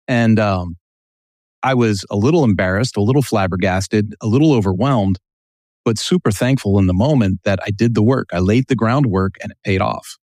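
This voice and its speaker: A man who is a guest on a casual podcast interview, telling business stories in an animated way and acting out quotes. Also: fairly low pitch, moderate pace, no echo, studio quality. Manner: storytelling, animated, acts out quotes.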